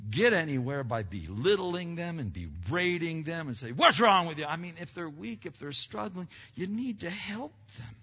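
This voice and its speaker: A pastor with a high, husky voice preaches a sermon in a reverberant hall, captured on a dull lo-fi recording with long reverb. He swings from loud, emphatic preaching to quiet, earnest asides, posing questions to the congregation and answering them himself.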